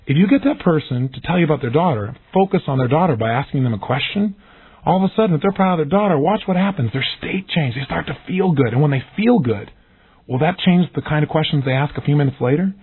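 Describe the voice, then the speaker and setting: A man giving an energetic recorded self-help lesson, acting out the questions he describes in lively voices. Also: fairly high pitch, fast talker, slightly rough. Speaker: motivational speaker. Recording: tinny phone-like audio.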